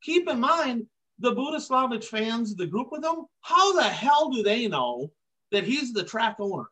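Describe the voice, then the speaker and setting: A man's voice: very high voice, sing-song, measured pace, bright, forceful tone, breathy edge. A man hosting a racing podcast, ranting emphatically in casual commentary and hammering his points with repeated catchphrases. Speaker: podcast host. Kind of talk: heated casual commentary on dirt track racing.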